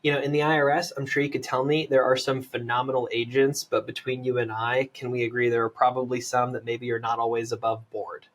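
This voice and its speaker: Brief: energetic American man, persuasive sales-coach delivery, mid-pitched, peppers his talk with "right?". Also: fairly quick, hardly any pauses. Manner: energetic, persuasive, lots of "right?" tag questions. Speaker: land investor, podcast guest.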